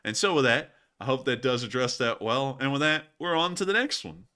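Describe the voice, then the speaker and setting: A man's voice: mid-range voice, fairly quick, pushed and bright. A man hosting a news livestream, answering viewer questions in a jokey, rambling way and laughing often. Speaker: news stream host. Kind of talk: casual livestream chat.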